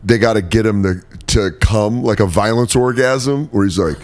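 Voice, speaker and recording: Low-voiced man telling animated stories. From Colorado. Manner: animated storytelling, swearing, drops into quick impressions. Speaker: guest comedian. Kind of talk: casual podcast chat.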